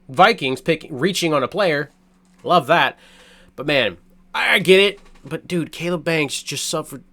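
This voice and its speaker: Male fan-host, casual sports rant: excitable, profane, lively swinging pitch, rambling delivery. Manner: excitable, swears a lot, blunt opinions; rambling, many restarts and fillers. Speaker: sports fan reacting to a draft.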